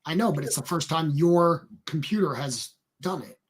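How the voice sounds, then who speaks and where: A man's voice: a little high, moderate pace, background noise. A man co-hosting a casual livestream, joking dryly and brushing off compliments. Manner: dry, self-deprecating banter. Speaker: co-host of a livestream.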